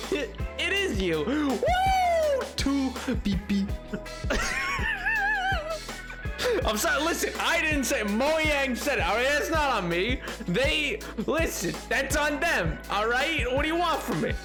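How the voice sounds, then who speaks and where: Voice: sits high, very animated, unhurried. A streamer chatting casually with viewers, playfully greeting people in a sing-song way and reading chat aloud with frequent laughs. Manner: frequent laughs and mock exclamations. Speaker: livestream host. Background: faint music playlist.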